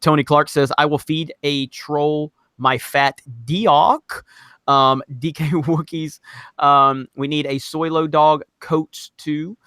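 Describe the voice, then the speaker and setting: A man's voice: a little high, steady tone, slow, fairly bright tone, smooth, no room sound, clean studio sound. A man hosting a live podcast, reading viewer comments aloud in an easygoing way with chuckles. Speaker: podcast host reading chat. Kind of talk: casual live-stream chat.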